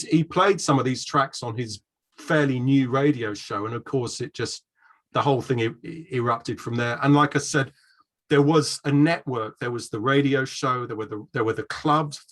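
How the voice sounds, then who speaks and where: Middle-aged man, anecdotal storyteller, chatty and rambling, mid-pitched voice. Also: moderate pace, fairly bright tone. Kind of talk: casual chat.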